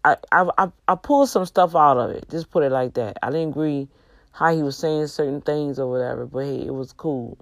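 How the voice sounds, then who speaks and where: A woman's voice: sits low, no room sound. A woman hosting a casual faith talk on a livestream, earnest and preacher-like, a little tired and yawning. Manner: earnest, exhorting, preacher-like, drawn-out emphasis. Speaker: livestream host.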